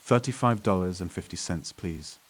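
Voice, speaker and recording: Man reading bullying customer, male, sneering, threatening, deep low voice, horror story narration. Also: moderate pace, slightly rough. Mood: annoyed.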